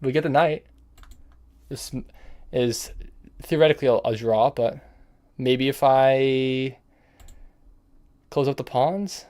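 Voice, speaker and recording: A man's voice: mid-range voice, slow pace, long pauses, a little mellow, smooth. A young man commenting on his own online chess games as he plays, thinking aloud and scolding himself in casual slang. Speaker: chess streamer. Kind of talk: live-streamed gameplay commentary.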